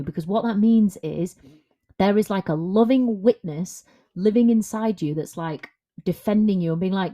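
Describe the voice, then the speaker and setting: A woman's voice: medium pitch, moderate pace, mellow. A woman, a confidence coach, talking frankly and conversationally in a solo podcast monologue.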